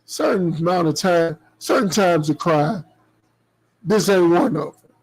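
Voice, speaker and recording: A man's voice: high-pitched, a little slow, a little mellow, slightly rough, poor audio. A man co-hosting a casual family talk show, telling stories in a laid-back, slangy and profane way. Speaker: podcast co-host. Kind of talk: casual chat.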